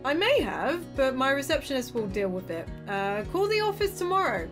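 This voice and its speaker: A woman's voice: high-pitched, very animated, normal speed, music in the background. A woman voicing a stern, formal middle-aged doctor and father in a cartoon story.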